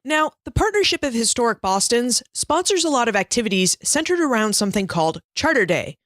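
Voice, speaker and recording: A woman's voice: fairly high pitch, sing-song, fairly quick, fairly bright tone, no room sound, studio quality. A woman hosting a history podcast, asking curious, conversational questions. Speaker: podcast host. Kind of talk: interview questions.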